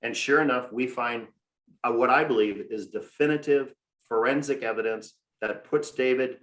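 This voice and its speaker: A man tells a painful family story in a podcast interview. He is earnest and measured, pausing with fillers as he lays out the details. His middle-pitched voice rings in a roomy, echoey space. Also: a bit bright. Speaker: guest, grieving father. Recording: echoey room.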